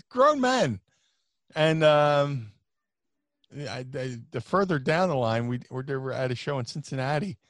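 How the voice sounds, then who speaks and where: A man in casual storytelling mode, speaking at a middle pitch with a loose, animated delivery. When he quotes himself he jumps up into a squeaky falsetto. The sound is dry and close, with no room around it. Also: moderate pace, no room sound. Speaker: podcast guest, former wrestler.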